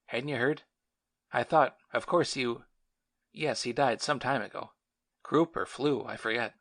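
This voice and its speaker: A man's voice: mid-range voice, unhurried, a bit bright. A man voicing a frail, earnest young male war veteran who talks in an urgent, pleading way.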